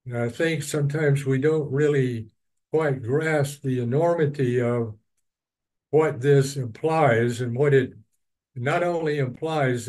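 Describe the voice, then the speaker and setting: A man's voice: medium pitch, a little mellow, low-quality recording. A man teaching a Bible study, reading verses and then explaining them at length with personal asides. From East Texas.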